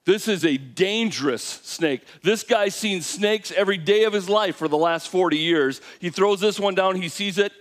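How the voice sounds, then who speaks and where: The man preaching has a high-sitting voice, a moderate pace, and hardly any pauses. His sermon is lively storytelling in which he acts out God's and Moses' lines and quizzes his listeners.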